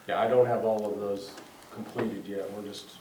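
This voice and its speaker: A man with a Southern accent, a city engineer presenting a project at a public meeting, halting with fillers and self-corrections. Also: on the low side, level tone. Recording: roomy, distant mic with faint noise.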